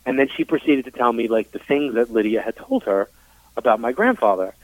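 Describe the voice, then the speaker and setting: A man's voice: mid-range voice, animated, fairly quick, no echo. A man from New York, a psychic medium, telling his story in a casual interview, frank and full of fillers. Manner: chatty, frank, many fillers, acts out quoted dialogue. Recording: dry tinny phone-like line.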